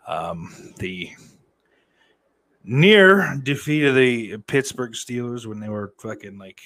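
A man's voice: medium pitch, expressive, slow, a bit bright. A man from the United States hosting a casual livestream, reading the chat aloud and rambling with lots of fillers and cursing. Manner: profane, rambling, with many fillers and mock outbursts.

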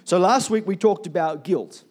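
Male pastor, slightly high voice, conversational sermon to a congregation, quizzes the room. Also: normal speed, darkish tone. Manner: conversational, asks the congregation questions and calls for amens. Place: church.

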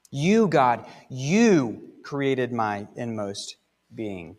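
A man's voice: mid-range voice, big pitch swings, slow, darkish tone, big-room sound. A man preaching a sermon as pastor, conversational and emphatic, stretching out words for stress. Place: church sanctuary.

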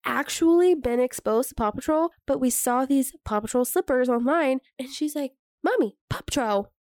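A woman's voice: high voice, moderate pace, darkish tone, no echo, clean studio sound. A young woman co-hosting a podcast, talking casually, laughing often and swearing now and then. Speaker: podcast co-host. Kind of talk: casual chat.

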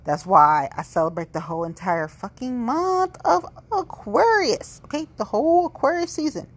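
A woman's voice: on the high side, lively intonation, moderate pace, husky. A woman in her forties giving a rambling, blunt and profane monologue to camera. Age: 40s. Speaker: vlogger. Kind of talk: candid monologue.

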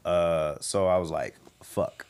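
A young guest comedian tells a story in casual conversation, animatedly acting out the voices of the people in it. His voice sits low, slow and smooth.

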